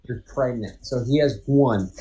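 A man's voice: medium pitch, a little slow, warm tone, slight background noise. A man on a casual podcast, teasing the others and jumping in with sports trivia.

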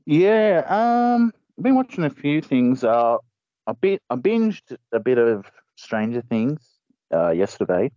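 A man's voice: mid-range voice, very animated, slow, no room sound, muffled recording. A man chatting casually on a podcast, rambling through stories and laughing at his own jokes. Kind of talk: casual chat.

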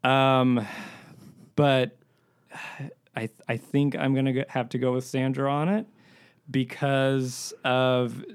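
A man judging a casual podcast debate, talking in a hesitant, halting way with many ums. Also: medium pitch, smooth. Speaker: podcast judge. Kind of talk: casual chat.

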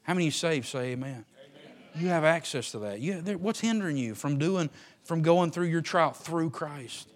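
A man preaching a sermon to his church. He swings from shouted, drawn-out lines to quiet, fast, joking asides. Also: fairly high pitch, animated. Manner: folksy, joking. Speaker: pastor. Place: church sanctuary.

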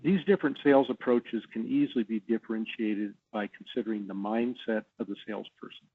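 Gravelly man on a tinny line. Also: on the low side, no echo. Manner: measured, explanatory, laughs easily. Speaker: podcast guest, sales trainer. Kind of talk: podcast interview.

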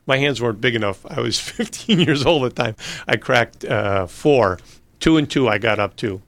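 A man's voice: medium pitch, very animated, normal speed, fairly bright tone, no echo. A man telling long, rambling stories in a casual interview, laughing and restarting as he goes. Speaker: interview guest. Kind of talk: casual storytelling.

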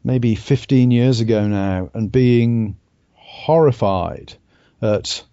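Male co-host, mellow dark tone, measured and wry; dull, dry lo-fi podcast sound. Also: medium pitch, clear, resonant tone, no room sound. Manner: dry, self-deprecating, measured. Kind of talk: podcast panel discussion.

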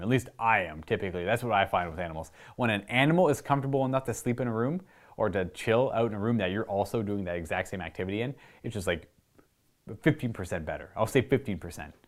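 A young man with an Ontario Canadian accent chats casually to camera as he answers viewer questions. He rambles, restarts and wanders into asides. His voice sits a little on the low side. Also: quick pace.

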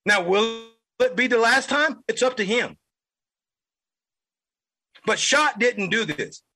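A man's voice: very high-pitched, expressive, slow pace, sharp tone, husky, low-quality recording. A man hosting a political podcast, delivering an angry, heated monologue and repeating lines for emphasis. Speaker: podcast host.

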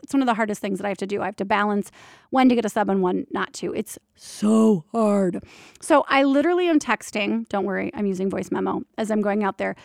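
A woman with a high voice and a gravelly, fry-laced edge tells stories from her doula work in a loose, animated monologue. She is candid and playful and drops the odd mild swear. The sound is close and dry, with no room around it. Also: a little fast, no room sound. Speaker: doula and prenatal yoga teacher. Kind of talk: casual storytelling monologue.

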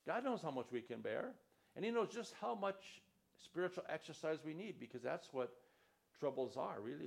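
A man's voice: fairly low pitch, creaky. A male pastor preaching a sermon, reading scripture aloud with rising emphasis.

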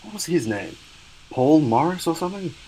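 A man's voice: fairly high pitch, big pitch swings, normal speed, mellow, a little hiss or hum, rough recording. A man co-hosting a comedy podcast in a dry, matter-of-fact way. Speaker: podcast co-host. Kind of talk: comedy sketch and casual podcast chat.

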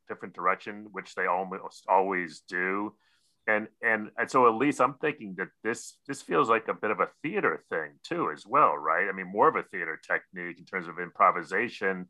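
A man hosting a casual interview chat, halting and repeating words as he thinks aloud. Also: lowish voice, pushed and bright, poor audio. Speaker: podcast host.

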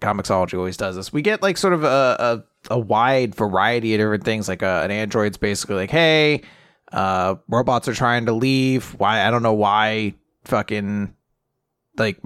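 Discussing manga on a podcast, this co-host keeps things loose, breaking into laughter and quickly acting out quotes as he retells scenes. His voice sits on the low side, and the studio sound is clean with no echo.

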